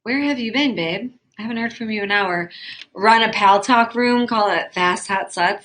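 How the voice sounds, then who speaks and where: A woman hosting a live webcam chat room from home, talking straight into her phone or webcam. She reads out viewer messages and chats back in a flirty, easily flustered way. Her voice is bright with a sharp edge, at a middle pitch. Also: moderate pace. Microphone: phone or webcam mic.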